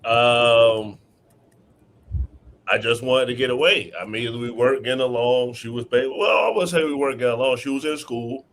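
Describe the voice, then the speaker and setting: A man's voice: medium pitch, moderate pace, fairly bright tone. A young man chatting casually, telling a personal story in slangy, loose speech. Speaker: guest telling his story. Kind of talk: casual chat.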